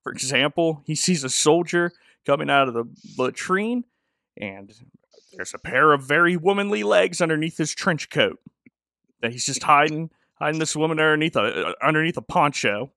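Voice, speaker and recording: A man's voice: fairly high pitch, lively intonation, moderate pace, vocal fry, pushed and bright, dry recording, studio quality. A man casually recapping a TV episode with joking, rambling asides. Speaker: podcast host.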